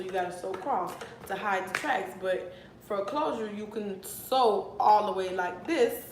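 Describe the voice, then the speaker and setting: A young woman in her twenties tells a wild storytime to her camera, getting animated and outraged and swearing freely. Her voice bounces around a roomy, echoey space with a faint hiss underneath. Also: medium pitch. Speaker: vlogger. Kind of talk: casual storytime. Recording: echoey room with faint noise.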